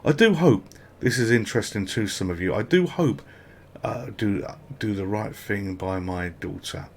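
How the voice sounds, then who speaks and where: A British man giving casual, rambling commentary while playing a video game, with frequent excited exclamations. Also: lowish voice, moderate pace, slight background noise. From Britain. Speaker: gameplay commentator.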